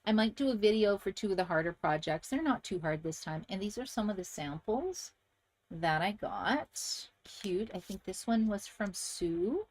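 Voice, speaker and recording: A woman's voice: mid-range voice, lively intonation, normal speed, a little mellow. A woman hosting a crafting channel, chatting casually and enthusiastically to viewers as she shows handmade card samples.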